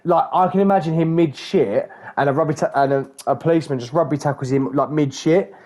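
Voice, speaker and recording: A man's voice: on the high side, a little fast, darkish tone. A man co-hosting a podcast, joking crudely and swearing in casual chat. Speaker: podcast co-host.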